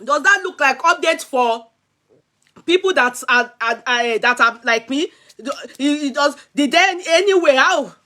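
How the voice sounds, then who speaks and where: A woman's voice: sits high, animated, moderate pace, pushed and bright. A young Nigerian woman with a Yoruba-speaking accent, hosting a gossip livestream and scolding her viewers, switching between Yoruba and English. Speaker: gossip show host.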